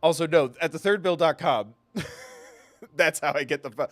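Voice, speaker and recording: A man's voice: a little high, moderate pace. A man streaming a video game live, chatting with his viewers in a playful, self-mocking way and laughing often. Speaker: gaming streamer. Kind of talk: casual live-stream commentary.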